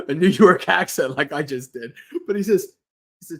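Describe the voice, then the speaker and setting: A man's voice: mid-range voice, sing-song, a little fast, a bit bright. A man who is a Buddhist monk, hosting a livestream and giving a casual Dharma talk, earnest and rambling, restarting his sentences and laughing lightly.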